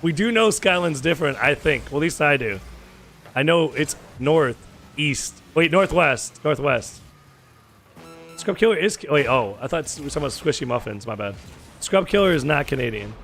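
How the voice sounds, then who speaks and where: A man from the United States chatting through a gaming stream at his desk mic, jokey and bantering, jumping from loud outbursts to low mutters. His voice sits a bit high and carries a gravelly fry. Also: soft background music. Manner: joking, bantering, quick swings between loud excitement and low mumbling. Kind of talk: casual gaming chat with viewers.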